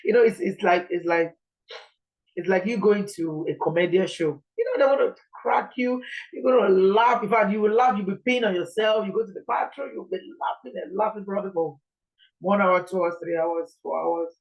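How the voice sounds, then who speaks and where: A woman's voice: mid-range voice, moderate pace, lo-fi sound. Earnest Nigerian woman preaching. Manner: earnest, repetitive, pleading. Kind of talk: informal sermon.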